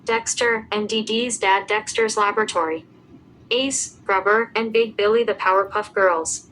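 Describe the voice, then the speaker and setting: A woman giving a scripted narration, reading out lists of names and dates at an even pace. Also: mid-range voice, normal speed, a little hiss or hum, poor audio.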